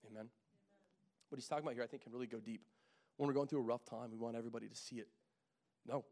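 A young adult man preaching a sermon in a church, joking with the congregation and swinging from quiet, intimate talk to loud bursts, sweating in the heat. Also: mid-range voice, fairly even intonation, rapid-fire. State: sweating in a hot room. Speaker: pastor. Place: church sanctuary.

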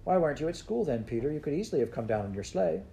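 A man's voice: a little high, big pitch swings, rapid-fire, gravelly, mellow, slight background noise, pitched above the performer's own voice, low-quality recording. A man voicing an eager, earnest little girl in a storybook reading.

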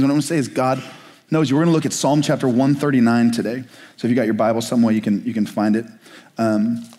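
A man preaching a sermon as a pastor, passionate and searching, with slow pleading questions and quicker explanatory asides. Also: on the high side, a little mellow.

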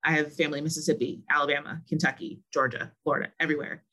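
A young woman from Massachusetts, a podcast guest telling stories in a chatty, animated, friendly way. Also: sits low, rapid-fire, breathy edge. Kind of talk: casual podcast interview.

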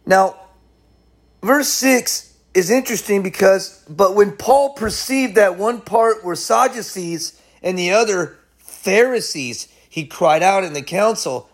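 A man giving a casual, excitable Bible teaching, full of slang and asides. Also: high-pitched, measured pace. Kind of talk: casual Bible study talk.

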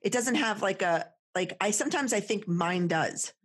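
A woman with a New Jersey accent in a casual chat, animated and laughing often. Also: medium pitch, moderate pace, husky.

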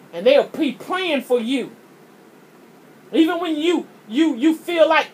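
Impassioned high-voiced woman preaching. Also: lively intonation, measured pace, darkish tone. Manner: impassioned, preachy, repeats words when starting a thought. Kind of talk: sermon.

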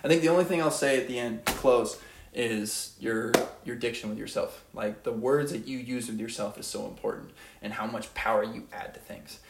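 A man's voice: mid-range voice, moderate pace, creaky, slight background noise. Earnest young man in an echoey room. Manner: earnest, rambling, repeats phrases. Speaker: podcast host. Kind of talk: motivational monologue.

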